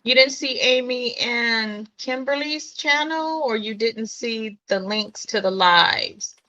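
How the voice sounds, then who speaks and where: A woman's voice: fairly high pitch, slow pace, sharp tone, no echo, low-quality recording. A woman co-hosting a casual beading livestream, reading out viewer comments and chatting with her co-hosts. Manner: friendly, reads out viewer comments. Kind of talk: casual chat.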